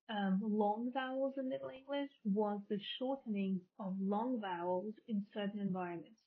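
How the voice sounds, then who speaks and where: A woman giving a recorded linguistics lecture, explaining step by step and often rephrasing her terms. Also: mid-range voice. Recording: tinny phone-like audio.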